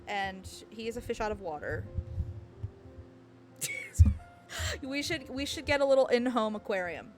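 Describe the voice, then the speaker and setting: A woman's voice: a little high, animated, measured pace, long pauses, soft background music. A woman streamer chatting casually and reading game text aloud, giggling often.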